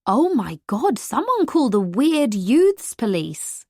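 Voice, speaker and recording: A sharp-tongued young woman teases her rival in this audiobook, voiced by the narrator. Her deadpan jabs sit a little higher and brighter than the telling around them. The recording is dry and close. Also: no echo, natural voice. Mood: teasing. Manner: teasing, deadpan, quick comebacks. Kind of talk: audiobook character voice.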